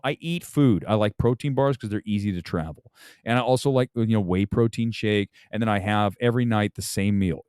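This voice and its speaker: A man hosting a casual movie talk livestream, loud, profane and rambling. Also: medium pitch, clear, resonant tone, dry recording, studio quality. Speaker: movie talk show host.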